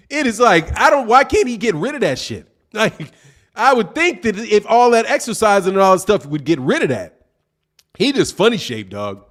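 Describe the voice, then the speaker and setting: A man's voice: high voice, fairly bright tone. A man hosting a boxing livestream, chatting casually and reading out viewer comments in a loose, slangy way with frequent laughter. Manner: loose, slangy, laughs often, calls people dog.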